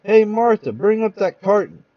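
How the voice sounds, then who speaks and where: A man's voice: sits high, expressive, moderate pace, no echo, lo-fi sound, voice pushed up. A man voicing a gleeful, spiteful old man with a folksy, cackling manner.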